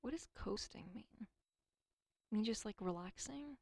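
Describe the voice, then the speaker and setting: A woman's voice: medium pitch, lively intonation, a little slow, gravelly, a little mellow, husky, dry recording. Rambling, swearing woman talking to herself. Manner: rambling, profane, self-deprecating; stumbles over words. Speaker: streamer. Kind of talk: casual solo rambling.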